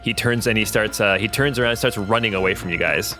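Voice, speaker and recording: A man's voice: lowish voice, fast, bright, forceful tone, soft background music. A man narrating as game master of a tabletop game, loose and hesitant with fillers.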